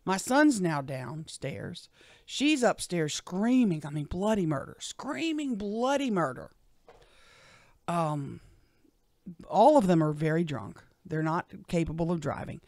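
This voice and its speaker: A middle-aged woman, a radio show guest telling a personal story in an animated way. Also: lowish voice, slow, no room sound, clean studio sound. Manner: animated storyteller, acts out what others said.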